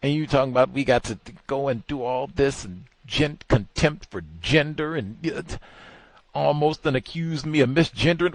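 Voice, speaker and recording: On a dry recording, a male talk show host offers exasperated, offhand commentary at a moderate pace, his voice dropping to low mutters and then jumping to disbelieving high outbursts.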